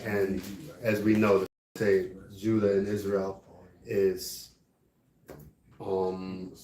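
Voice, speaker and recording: A man's voice: low-pitched, completely flat delivery, extremely slow, darkish tone. Echoey man teaching, asking "right?" constantly. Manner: frequently asks "right?". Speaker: class teacher. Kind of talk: religious study class. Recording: echoey room.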